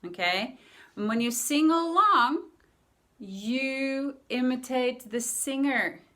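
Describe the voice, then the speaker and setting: A woman's voice: a little high, pushed and bright. A woman language coach giving friendly casual tips in a vlog lesson, repeating words and laughing lightly.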